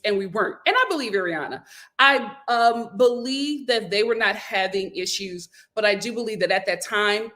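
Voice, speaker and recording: A woman hosting a casual vlog, recapping a reality show with animated, opinionated commentary and frequent laughter. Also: mid-range voice.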